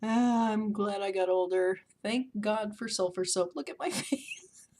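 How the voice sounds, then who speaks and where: In a mid-range, slightly slow and mellow voice, a woman in her thirties who does beauty vlogs chats casually to camera at home. She pokes fun at herself and laughs a lot.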